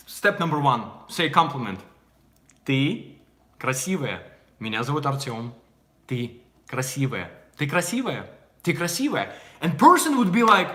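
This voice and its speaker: A young man from Russia with a Russian accent, giving a casual language lesson and repeating phrases slowly and clearly. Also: high-pitched, pushed and bright, echoey room. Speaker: language teacher.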